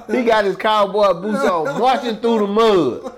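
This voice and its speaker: Man, interview guest, funny storyteller, slangy, laughing, higher voice. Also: moderate pace, a crowd in the background.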